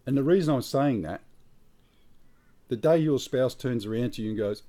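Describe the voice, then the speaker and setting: A man's voice: medium pitch, normal speed, warm tone. An Australian man giving blunt, emphatic prepping advice outdoors in a casual monologue, swearing freely. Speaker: prepping vlogger. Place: outdoors near trees.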